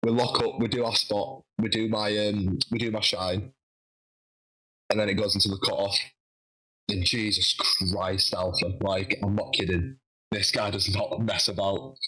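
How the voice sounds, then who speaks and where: A man telling a lively story in a casual interview, acting out what people said. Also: on the low side, normal speed, breathy edge, rough recording. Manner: animated, acts out quoted dialogue. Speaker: guest wrestler.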